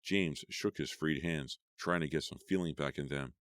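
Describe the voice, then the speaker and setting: A man narrating a horror audiobook in a steady, measured storytelling voice. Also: a bass voice, no echo, studio quality.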